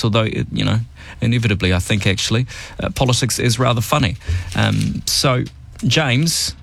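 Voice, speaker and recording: A man hosting a morning radio show, chatting wryly about politics and running through the news. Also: lowish voice. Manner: chatty, wry, lively. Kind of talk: casual radio talk and news rundown. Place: radio studio.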